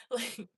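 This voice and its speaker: A young woman casually telling a story to her viewers, laughing often and acting out her own panic. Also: very noisy. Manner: animated, laughs often, acts out her panicked past self. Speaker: vlogger.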